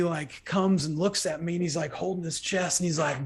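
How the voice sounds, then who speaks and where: A young man telling a story on a podcast in an animated way, filling his talk with "like.". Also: on the high side, normal speed, hardly any pauses, breathy edge. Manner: animated, lots of "like". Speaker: podcast guest. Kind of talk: casual storytelling.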